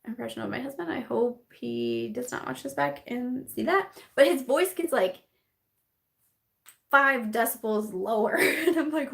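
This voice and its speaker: A woman's voice: a little high, lively intonation, moderate pace, vocal fry, a bit bright. A young woman hosting a casual live-stream chat, bubbly and giggly, full of fillers and laughter as she reads viewer comments.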